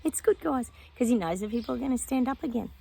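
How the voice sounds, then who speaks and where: A woman's voice: fairly high pitch, lively intonation, fast, vocal fry, dark tone, a little hiss or hum. A woman psychic vlogging her predictions outdoors in casual chat, often breaking off to talk to her dog.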